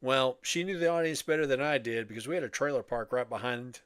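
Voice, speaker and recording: An older man swaps stories on a podcast at an easy, wandering pace, wry and quick to laugh. His voice sits at an ordinary middle pitch and is recorded close and dry, with no room around it. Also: fairly bright tone, smooth, no room sound. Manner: rambling storyteller, wry, laughs often. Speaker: podcast co-host. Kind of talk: casual chat.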